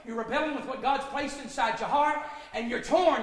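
Man, pastor, emphatic sermon, very high voice, roomy echoing church. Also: normal speed. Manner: emphatic, shouting at peaks, folksy asides. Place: church sanctuary. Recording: echoey hall.

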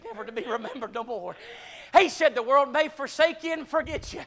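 A man preaching a sermon, calling out to the congregation and climbing to shouted peaks, short of breath at times. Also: extremely high pitch, animated, a little fast, a little hiss or hum. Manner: call-and-response, rising to shouting peaks.

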